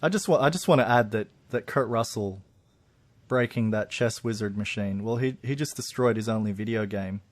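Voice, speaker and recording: A man's voice: fairly low pitch, moderate pace. Chatty man laughing through film talk. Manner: chatty, laughs often, restarts a lot. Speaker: podcast co-host. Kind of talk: casual film review chat.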